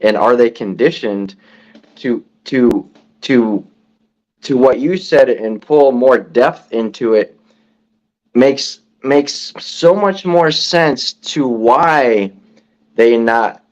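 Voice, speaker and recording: A man's voice: mid-range voice, slow pace, darkish tone. Man with a dull, lo-fi sound. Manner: reflective, rambling with repeated words. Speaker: podcast co-host. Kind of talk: casual chat.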